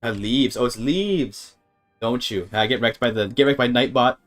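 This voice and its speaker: A man's voice: medium pitch, moderate pace, a bit bright, faint music behind. Hesitant man thinking aloud on stream. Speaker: streamer learning a language. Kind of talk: casual game-stream commentary.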